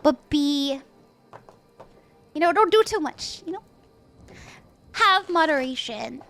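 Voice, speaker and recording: A young woman reading tarot on a live stream, gentle and reassuring, laughing easily. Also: sits high, animated, slow pace, faint music behind. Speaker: tarot reader.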